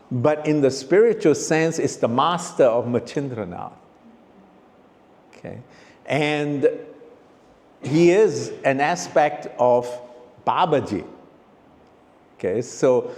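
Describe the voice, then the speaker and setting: A man teaching yoga, telling a story in a relaxed, rambling way, full of fillers and restarts, voicing the characters in his own voice. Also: mid-range voice, long reverb tail. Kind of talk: casual storytelling talk.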